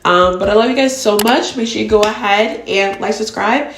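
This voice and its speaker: A woman's voice: medium pitch, moderate pace, a little hiss or hum. Chatty woman vlogger in an echoey room. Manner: chatty, addresses viewers as y'all. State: tearful, emotional. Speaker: beauty vlogger. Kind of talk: casual chat to camera.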